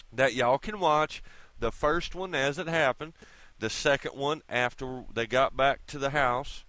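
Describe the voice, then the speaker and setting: A man's voice: medium pitch, fairly bright tone, clear, resonant tone, dry recording. A man delivering a casual, folksy, profanity-laced rant straight to his viewers, whom he calls kids. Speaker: video blogger. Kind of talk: casual ranting monologue.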